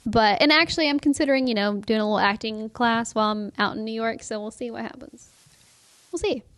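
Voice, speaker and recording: A woman's voice: a little high, brisk, fairly bright tone, no echo, studio quality. A young woman co-hosting a faith podcast, chatting casually in a bubbly, giggly, rambling way. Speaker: podcast co-host. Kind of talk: casual chat.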